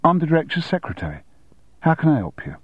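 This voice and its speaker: A man voicing a breezy young female secretary with a Cockney accent, raising his voice higher for her. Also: sing-song, fast, slightly rough, no room sound, narrow, tinny audio, heavily acted. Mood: breezy, helpful.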